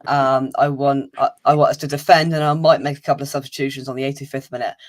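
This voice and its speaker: A man's voice: mid-range voice, little pitch movement, fast. A man hosting a casual, upbeat football fan show, chatting with guests and laughing easily. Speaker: host of a fan channel's pre-match show.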